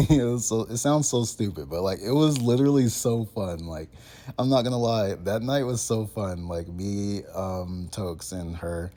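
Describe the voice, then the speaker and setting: A man's voice: fairly low pitch, dark tone. A man in his twenties casually rambling in a monologue, full of fillers and slang. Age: 20s. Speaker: content creator.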